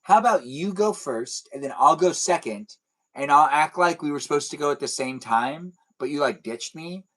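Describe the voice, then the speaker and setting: A man's voice: fairly high pitch, animated, normal speed, a bit bright, low-quality recording. A man chatting casually with viewers on a live stream, rambling playfully and acting out silly imagined conversations. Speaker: livestreamer.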